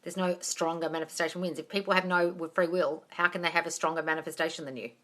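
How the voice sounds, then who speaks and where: A woman coaching viewers on manifesting during a casual live Q&A, blunt and full of swearing, calling everyone darling and swinging between loud excitement and low asides. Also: fast. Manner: blunt, swears freely, calls listeners darling. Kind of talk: casual live Q&A, reading out comments.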